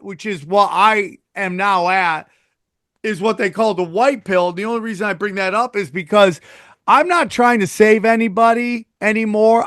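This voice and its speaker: A man's voice: high voice, a bit bright, smooth, no room sound, studio quality. A man hosting a podcast, talking in a loose, rambling, agreeable way in casual chat. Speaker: podcast host.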